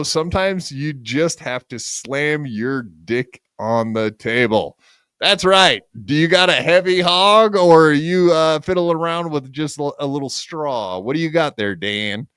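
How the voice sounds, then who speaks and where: A man hosting a podcast in loose, profane banter, his voice smooth and resonant with pitch that swings widely. The sound is close and dry, with no room around it. He teases and mocks his co-host with easy sarcasm. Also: expressive, takes it slowly, a bit bright, no room sound.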